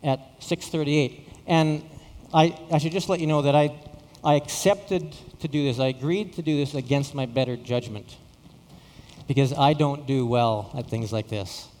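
A man's voice: on the high side, moderate pace, darkish tone, long reverb tail. A middle-aged man from Saskatchewan, a pastor telling a story in a sermon, often repeating words with self-deprecating humor. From Saskatchewan, Canada.

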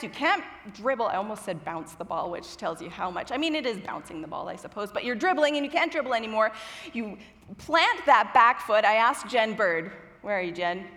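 A young woman with a fairly high voice preaches from a church stage, casual and self-deprecating, with a touch of nerves. Her words ring out into a long, lingering hall reverb. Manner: warm, chatty and self-deprecating, a little nervous. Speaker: guest preacher from children's ministry. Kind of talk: sermon. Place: church auditorium with stage lights.

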